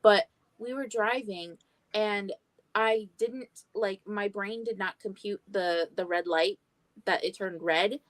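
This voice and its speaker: A woman's voice: mid-range voice, slow, no room sound. A young woman hosting a livestream, telling stories in a chatty way, swearing freely and acting out what people said. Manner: chatty storyteller, swears freely, acts out quotes. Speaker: livestream host. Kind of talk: casual chat.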